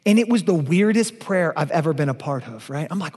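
Male pastor, high voice, emphatic sermon, rhetorical questions, long hall reverb. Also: expressive, brisk, few pauses, breathy edge. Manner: emphatic, rhetorical questions, shifts between loud and hushed.

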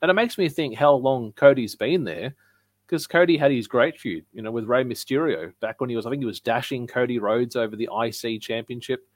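A man's voice: medium pitch, brisk, no room sound. Chatty male podcast host, dry sound. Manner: chatty, laughs often, reads viewer comments aloud. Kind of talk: casual live-stream chat.

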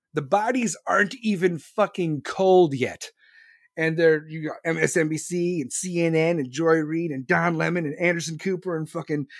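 A man's voice: fairly high pitch, no room sound, studio quality. A man hosting a podcast, ranting solo in a profane, sarcastic, heated way. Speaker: podcast host.

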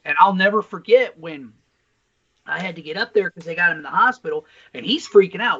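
A man co-hosting a casual podcast, talking bluntly and swearing a lot as he tells a story with animated energy. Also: sits high, a little fast, slightly rough. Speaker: podcast co-host. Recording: slightly dull lo-fi sound.

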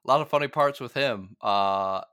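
A man's voice: medium pitch, normal speed, a bit bright, smooth, no room sound, studio quality. A young man co-hosting a podcast, recapping a TV episode in casual, rambling chat with many fillers and frequent laughs. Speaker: podcast co-host.

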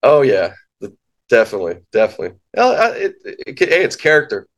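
A man's voice: medium pitch, wildly swooping pitch, quick pace. Laid-back man agreeing and laughing. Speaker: podcast co-host. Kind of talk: casual chat.

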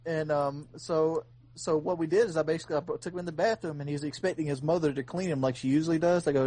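Man, slightly high voice, rambling, earnest, casual podcast storytelling. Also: fairly even intonation, quick pace, warm tone. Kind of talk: casual chat.

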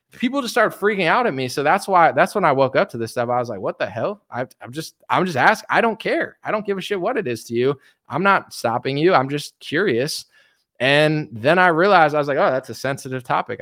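A man's voice: a little high, animated, fairly quick, a bit bright. A man giving a casual, rambling rant as a streamer. He often stumbles, repeats words and restarts sentences. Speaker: political commentary streamer.

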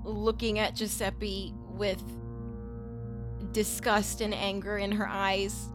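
A woman's voice: medium pitch, little pitch movement, slow pace, music in the background. A woman narrating her character in a tabletop game, hesitant, with many fillers. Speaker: player.

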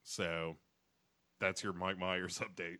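A man's voice: low-pitched, flat delivery, slow, pushed and bright. A man co-hosting a podcast, chatting casually and crudely with jokes and film quotes. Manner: joking, quoting films. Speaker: podcast co-host.

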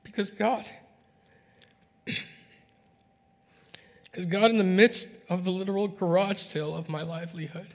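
A man preaching a sermon, telling a story to his church in a relaxed, conversational way. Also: high-pitched, a little slow, pauses often. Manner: conversational, recounting dialogue. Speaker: pastor. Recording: reverberant hall sound.

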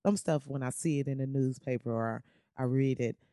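Young woman podcast host, loose comedic rant, slangy and animated, dry close mic. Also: rumbling low, a little fast, no room sound. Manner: animated, slangy, beatboxes and riffs.

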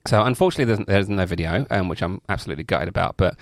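A man's voice: low voice, expressive, racing, no echo. A man co-hosting a podcast, chatting casually and reading out odd news stories. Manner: reads a news story, putting on a rural voice for a quote. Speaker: podcast co-host.

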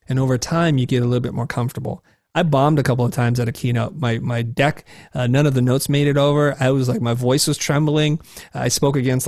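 A man in his forties, a guest telling candid stories in a self-deprecating, animated way, jumping up high when he acts out his past self. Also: creaky, no echo, clean studio sound. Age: 40s. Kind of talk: candid conversational storytelling.

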